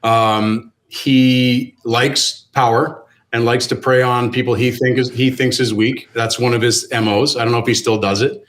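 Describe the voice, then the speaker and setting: A man appearing as a guest on a casual podcast, telling his stories in a measured, emphatic way. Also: mid-range voice, steady tone, a bit bright.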